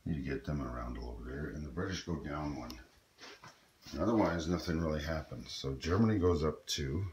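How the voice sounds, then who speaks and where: A man with a very low, deep voice talks through a tabletop strategy game at an easy pace, pausing often with ums and uhs. He sounds like he is in an echoey room, with a faint hiss behind him. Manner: relaxed, explains moves aloud with frequent ums and uhs. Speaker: board game player. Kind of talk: casual tabletop game playthrough commentary.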